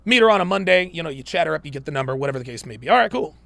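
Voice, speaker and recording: A man's voice: a little high, lively intonation, rapid-fire, vocal fry, fairly bright tone, no room sound. A man hosting a live-stream commentary show, talking in a profane, emphatic and preachy way. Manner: mocks women in put-on voices.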